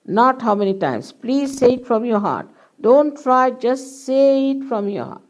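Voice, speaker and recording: An older woman leading a guided meditation at a public program, giving slow, deliberate instructions with long pauses. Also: fairly high pitch, animated, rough recording. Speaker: meditation teacher. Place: public hall.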